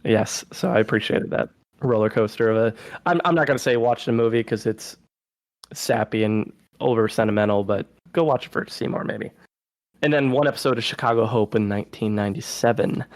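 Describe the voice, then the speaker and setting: A man co-hosting a film podcast, recapping plots in lively casual chat and acting out lines. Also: lowish voice, brisk, no echo, low-quality recording. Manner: animated, recaps plots with acted-out quotes. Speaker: podcast co-host.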